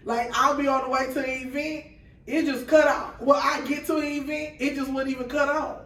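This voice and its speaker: Here the food truck owner's voice is high and a bit bright, with a flat delivery and a fairly quick pace. She's a podcast guest chatting casually, voicing the characters in her story. She sits far from the mic, and the room comes through.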